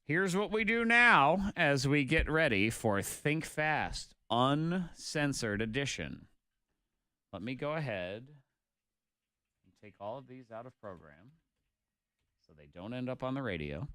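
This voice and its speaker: Bright, clear-voiced male radio host. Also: mid-range voice, unhurried, dry recording, clean studio sound. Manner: animated, emphatic, running the board while talking. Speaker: radio morning show host. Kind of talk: casual radio banter. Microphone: studio microphone.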